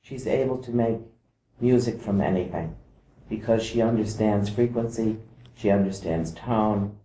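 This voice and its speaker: A man giving a calm explanatory talk to camera. He mimics vibrations by singing short "da" syllables. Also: on the low side, measured pace, echoey room, slight background noise, low-quality recording. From outside Iceland.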